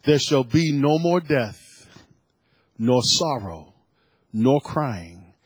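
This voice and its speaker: A man preaching a sermon, reading scripture and rising into shouted, emotional fervor. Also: mid-range voice, extremely slow, slightly rough, dry recording. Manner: builds from calm teaching to shouted, emotional fervor; reads scripture aloud between comments.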